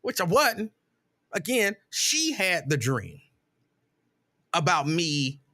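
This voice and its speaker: Animated, bright-voiced man ranting. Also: fairly high pitch, slow pace. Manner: animated, exasperated storytelling with mock outrage. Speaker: show host reading live comments. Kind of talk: casual live-stream storytelling.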